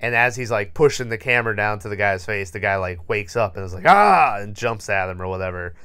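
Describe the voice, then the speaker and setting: A man's voice: on the low side, steady tone, quick pace, pushed and bright, clean tone. A man co-hosting a podcast, recapping a horror movie in a rambling, profane, laughing way. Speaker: podcast co-host.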